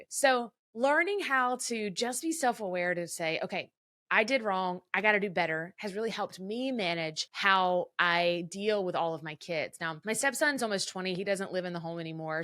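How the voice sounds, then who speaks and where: A woman in her thirties talking to listeners in a casual, chatty advice style, animated and laughing easily. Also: medium pitch, dry recording, clean studio sound. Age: 30s. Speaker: podcast host.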